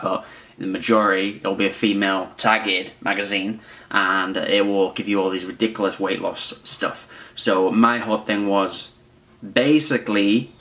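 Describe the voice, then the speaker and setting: A man's voice: lowish voice, a bit bright. A young man in his twenties telling a personal story in a chatty, rambling, self-mocking way. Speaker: vlogger. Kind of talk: casual storytelling to camera.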